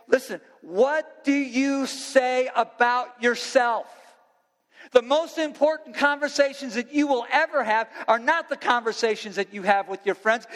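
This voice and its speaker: A man preaching a sermon to students as their pastor, impassioned, swinging between loud preaching and quiet earnest talk. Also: very high voice, big-room sound. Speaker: youth pastor.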